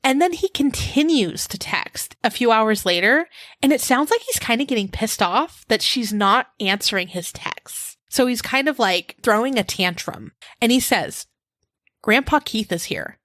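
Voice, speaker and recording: A woman's voice: fairly high pitch, expressive, moderate pace, a bit bright, no echo. A woman co-hosting a true crime podcast, reading texts aloud with profane, scornful asides in casual chat. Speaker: podcast co-host.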